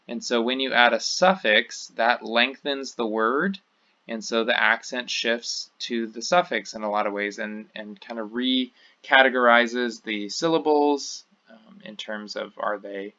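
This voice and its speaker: A man's voice: mid-range voice, vocal fry, bright, forceful tone, dull audio. A man teaching a recorded Hebrew grammar review, explaining patiently with frequent ums and uhs. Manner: patient, explanatory, with many fillers.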